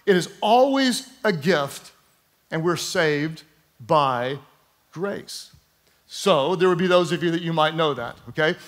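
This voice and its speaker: His voice sits a little high with a fairly bright tone, and his delivery is slow but lively in intonation. He is a male pastor giving an emphatic sermon, calling on listeners to repeat words aloud and tossing in playful asides.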